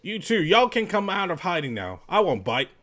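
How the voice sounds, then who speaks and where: A loud, sassy southern woman photographer, put on by a man with a thick, overdone drawl and a pushy way of talking. The pitch sits fairly high and bounces all over. It is game dialogue read aloud. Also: sing-song, moderate pace. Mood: brash. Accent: put-on American Southern drawl.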